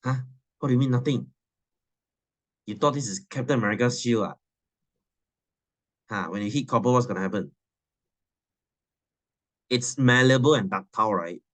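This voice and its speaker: A man's voice: mid-range voice, normal speed, pauses often, a bit bright. A man, teaching a science class in a chatty, teasing way and laughing often. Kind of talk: classroom lesson.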